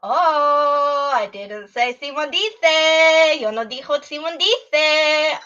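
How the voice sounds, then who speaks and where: A woman leading an online Spanish lesson for children, animated and encouraging. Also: high voice, slow pace, few pauses, dull audio. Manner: animated, encouraging, sing-song teacher voice.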